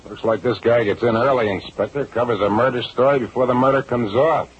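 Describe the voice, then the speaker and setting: An actor playing a wisecracking police detective in a 1940s-style radio drama, with a husky, wry voice. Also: male voice, mid-range voice, a little fast. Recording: lo-fi old radio recording.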